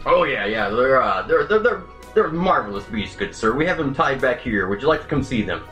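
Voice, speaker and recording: A man voicing a male adventurer in a tabletop game, talking with flattering, overly polite courtesy. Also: medium pitch, a little fast, soft background music. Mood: ingratiating.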